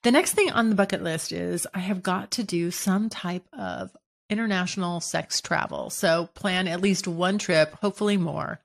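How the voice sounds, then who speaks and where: A woman's voice: on the low side, gravelly. A woman hosting her own podcast, talking frankly and casually in a solo monologue, with frequent restarts and casual swearing. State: hiccuping. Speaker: podcast host.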